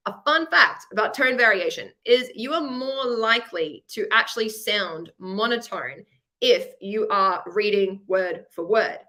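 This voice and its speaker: A woman's voice: mid-range voice, bright, forceful tone. A woman with an Australian accent presenting a webinar masterclass for students, chatty and encouraging, explaining with examples over a webcam. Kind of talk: upbeat teaching webinar.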